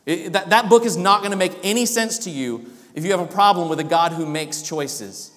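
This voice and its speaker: A man's voice: sits high, animated, a little fast, a bit bright, in a large hall. A man preaching a sermon as pastor, emphatic, often restarting his sentences.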